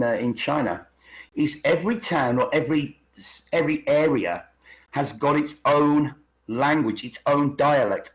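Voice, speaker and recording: A man's voice: medium pitch, poor audio. A man from England talking casually as a podcast co-host, rambling and repeating words as he explains. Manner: rambling, repeats words, puts on regional accents. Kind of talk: casual conspiracy podcast chat. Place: living in China.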